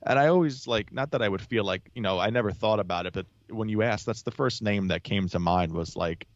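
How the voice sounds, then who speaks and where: Deep-voiced man rambling on a lo-fi podcast. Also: fairly quick, dry recording. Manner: rambling, many restarts and fillers. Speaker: guest. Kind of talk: casual podcast chat. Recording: dull lo-fi sound, dry.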